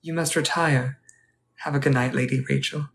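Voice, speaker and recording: A man playing a polite, wistful Edwardian gentleman at a ball, speaking formally and courteously in a live role-play. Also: mid-range voice, fairly even intonation, moderate pace, lightly acted. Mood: genteel. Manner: formal, courteous, old-fashioned phrasing.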